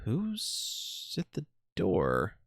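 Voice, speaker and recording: A woman streamer chatting quietly and offhandedly during a live game stream. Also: rumbling low, wildly swooping pitch, extremely slow, husky, dry recording, clean studio sound.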